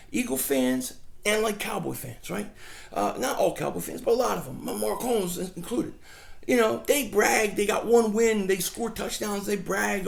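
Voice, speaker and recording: A middle-aged man rambles through an animated outdoor vlog rant. His voice sits high and carries a rough, gravelly edge. He tells his stories casually and slips into mocking impressions of other people. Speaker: fan vlogger.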